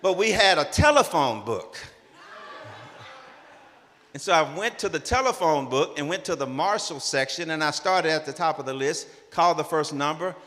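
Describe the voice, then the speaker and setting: A man in his sixties telling a personal story at a conference, animated and acting out the dialogue. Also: on the high side, moderate pace. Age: 60s. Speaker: conference speaker. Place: conference hall. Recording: long reverb of a large hall.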